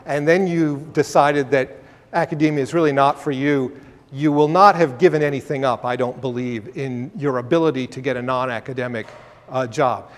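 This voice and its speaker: A man's voice: mid-range voice, steady tone, moderate pace, long reverb tail. A man giving a career workshop, answering audience questions in an emphatic, conversational way and often restarting his phrases.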